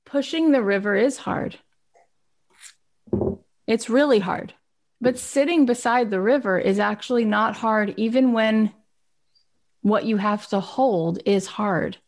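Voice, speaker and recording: A woman giving an earnest, emphatic self-help talk, swinging between soft and animated. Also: on the high side, takes it slowly, pauses often. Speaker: inspirational speaker.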